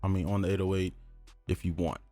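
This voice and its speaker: With loud music behind him, a young man speaks briskly in a low voice while casually teaching beat production in a screen-recorded tutorial. He chats loosely as he works, using lots of "um" and "right?".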